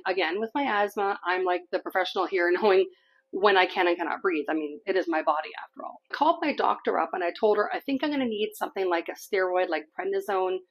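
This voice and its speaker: A woman's voice: mid-range voice, low-quality recording. Canadian lady vlogging, chatty and candid, mid-range voice, laughs as she goes. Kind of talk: personal story to camera.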